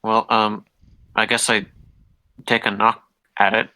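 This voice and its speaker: A man playing a tabletop game, talking in halting bits with many restarts. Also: lowish voice, flat delivery, bright, forceful tone, poor audio. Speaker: player. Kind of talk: tabletop role-play chat.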